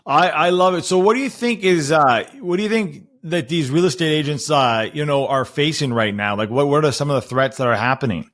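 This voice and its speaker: A man's voice: a little high, fairly quick, hardly any pauses, fairly bright tone. Eager male podcast host. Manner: eager, restarts often. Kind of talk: podcast interview.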